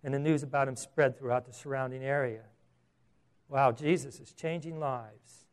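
A male pastor preaching a sermon in an animated, conversational way, with rhetorical questions. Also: mid-range voice, moderate pace, smooth.

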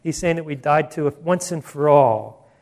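A man's voice: a little high, normal speed, a little mellow. A male pastor preaching a sermon in an emphatic, conversational way, with asides and restarts.

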